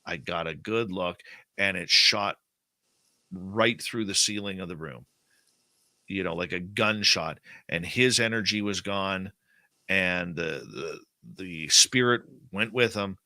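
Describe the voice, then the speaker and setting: A man's voice: sits low, takes it slowly, no room sound. A man telling a personal story as a guest in an interview, acting out what was said. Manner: animated personal storytelling, acts out quotes.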